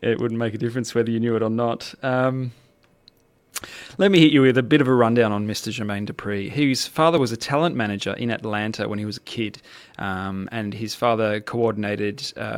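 A man hosting a music podcast in a playful, chatty way with jokey asides. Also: on the low side. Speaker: podcast host. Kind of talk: casual music podcast chat.

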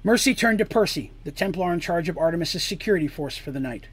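Guy reading a fantasy story out loud, expressive, chats to listeners in between. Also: fairly high pitch, quick pace, husky. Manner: expressive, adds asides to listeners.

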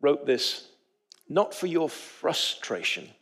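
In a church sanctuary, a pastor with a fairly high, slow voice and a breathy edge preaches to his congregation. He tells stories in an animated way, acting out the voices of the people in them.

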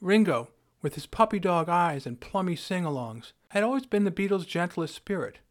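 A man's voice: high voice, very animated, normal speed. A man hosting a podcast, narrating a scripted story in a wry, dryly humorous way. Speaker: podcast host.

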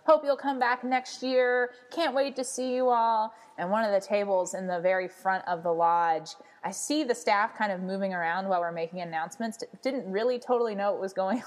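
A woman guest on a podcast, chatting casually about camp mishaps with lots of fillers. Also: medium pitch. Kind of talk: casual chat.

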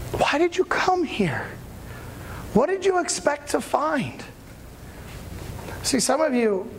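A man preaching a sermon in a casual, conversational storytelling manner, with sudden loud bursts of emphasis. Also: sits high, slight background noise. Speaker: pastor.

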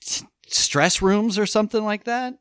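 A man's voice: high-pitched, measured pace, smooth, no room sound. Rambling man chatting, dry close sound. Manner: rambling, animated storytelling with many fillers. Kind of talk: casual chat.

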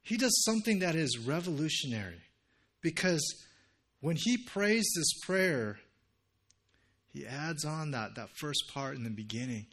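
A man's voice: fairly high pitch, expressive, measured pace. Earnest man preaching a sermon. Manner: earnest, conversational preaching with sudden hushed, intimate passages. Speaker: pastor.

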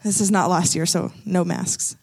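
A woman sharing a casual faith testimony in an animated, rambling storytelling manner, laughing often as she goes. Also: fairly low pitch, normal speed, vocal fry.

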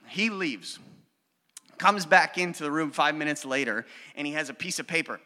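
A man's voice: a little high, brisk, bright, forceful tone. A man in his thirties, a pastor giving an earnest, emphatic sermon with a family story, recorded in a large hall. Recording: long hall reverb.

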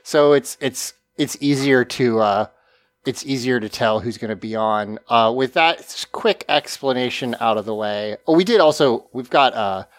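A man's voice: mid-range voice, moderate pace, no room sound. A man hosting a casual podcast, talking in a rambling, hesitant way with many restarts. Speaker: podcast host.

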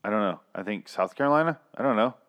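A man's voice: lowish voice, lively intonation, fast talker, fairly bright tone. A man co-hosting a podcast in casual chat, ranting sarcastically and swearing often. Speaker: podcast co-host.

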